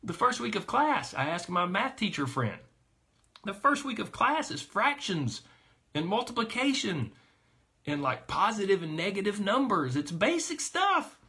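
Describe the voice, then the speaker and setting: A man's voice: high-pitched, sing-song, unhurried, bright, forceful tone. A man coaching a weight loss group, talking energetically and emphatically to his listeners.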